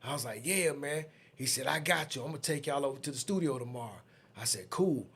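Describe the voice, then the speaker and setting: A man in his fifties with a Southern US accent, a podcast guest telling a story in a casual, lively way and acting out the other people in it. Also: mid-range voice, brisk, vocal fry, slightly rough. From Atlanta, USA.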